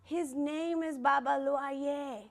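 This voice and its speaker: A high-voiced woman leads a children's dance class in a classroom. She talks with lively energy, coaxing the kids along and counting the rhythm aloud. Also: takes it slowly, gravelly. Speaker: dance teacher.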